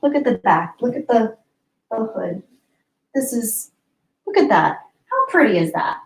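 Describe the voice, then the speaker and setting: A woman's voice: a little high, big pitch swings, unhurried, vocal fry, rough recording. Woman, young adult, livestream host, casual chat, giggly, reads viewers' comments. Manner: chatty, giggly, answers viewers by name.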